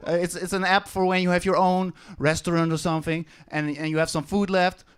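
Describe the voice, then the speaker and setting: Halting comedian, high voice. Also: male voice, flat delivery, smooth. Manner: halting, repeats words, addresses crowd. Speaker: stand-up comedian. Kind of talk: stand-up set. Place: comedy club stage.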